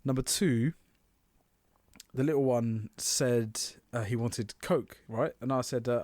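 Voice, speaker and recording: Male co-host, mid pitch, dry close mic, sweary storyteller with animated quotes. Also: a little slow, no echo. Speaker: podcast co-host. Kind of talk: casual chat.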